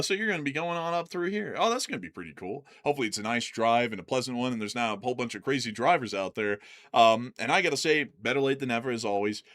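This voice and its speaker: Bright-voiced casual male co-host. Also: medium pitch. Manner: animated storytelling, laughs often. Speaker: co-host of a news livestream. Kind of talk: casual chat.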